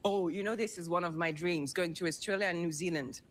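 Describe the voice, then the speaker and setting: A woman's voice: fairly low pitch, a little fast. A French woman, a guest speaking English with a French accent, giggling and flirting. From France. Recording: loud background noise.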